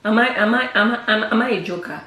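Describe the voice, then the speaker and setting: A woman's voice: fairly high pitch, quick pace, sharp tone, echoey room, a little hiss or hum. A woman with a West African accent, chatting playfully and teasing her husband in a casual vlog. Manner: teasing, playful, repeats herself. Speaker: vlogger. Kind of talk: casual prank vlog chat.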